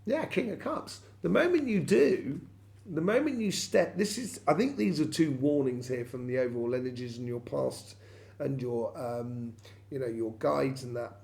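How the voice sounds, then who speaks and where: A man with a very gravelly, creaky voice talks through a tarot reading for his viewers. He rambles, hesitates and circles back with plenty of ums and you-knows. His pitch sits in an ordinary middle range. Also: expressive, normal speed, a little mellow. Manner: rambling, many fillers and restarts. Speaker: tarot reader.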